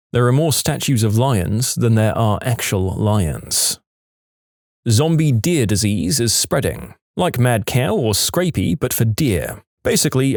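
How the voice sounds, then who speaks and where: A man reading online posts aloud with wry, sarcastic asides in an animated, lively way. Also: lowish voice, dry recording, clean studio sound.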